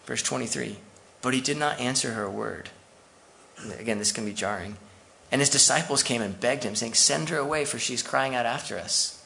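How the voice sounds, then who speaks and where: Gravelly, bright-voiced male pastor. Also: mid-range voice, moderate pace, slight background noise. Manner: conversational preaching with asides. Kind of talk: sermon.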